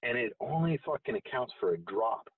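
A man's voice: medium pitch, sing-song, a little fast, breathy edge, no room sound, recorded from a distance. A man telling a long personal story in a casual, rambling way with frequent swearing. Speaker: guest. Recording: tinny phone-like sound from off-mic.

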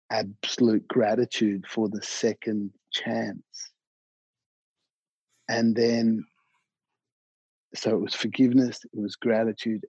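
Husky-voiced man telling a story. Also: lowish voice, no room sound. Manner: animated, repeats words, swears freely. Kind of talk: casual storytelling. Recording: dull, muffled, dry sound.

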